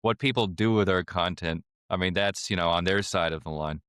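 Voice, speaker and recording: Low-voiced man in dry podcast chat. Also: a little fast, fairly bright tone, clear, resonant tone, dry recording. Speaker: comedy podcast co-host. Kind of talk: casual comedic chat.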